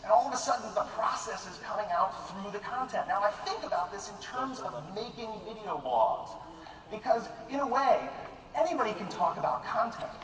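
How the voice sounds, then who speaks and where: Animated man talking to a crowd in an echoey hall. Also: sits high, fairly quick. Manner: animated, conversational, self-deprecating. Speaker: speaker addressing a live audience. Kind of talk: casual talk to an audience. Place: large room with a live audience. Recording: echoey hall, mic far off, noisy room ambience.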